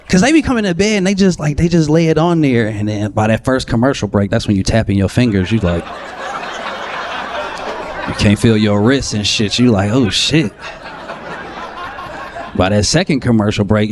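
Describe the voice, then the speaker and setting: A man doing a profane, animated stand-up set in a live comedy club, acting out voices in his stories. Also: fairly low pitch, a little fast, background noise. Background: audience laughter.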